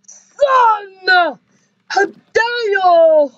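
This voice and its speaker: Woman doing a hysterical mom, shrieky and crying, super high and slow, dry lo-fi homemade skit. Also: lively intonation, a bit bright, dry recording, heavily acted. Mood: outraged. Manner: shrieking, crying outbursts and scolding. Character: frantic, furious mother who shrieks and wails. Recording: dull, dry, lo-fi recording.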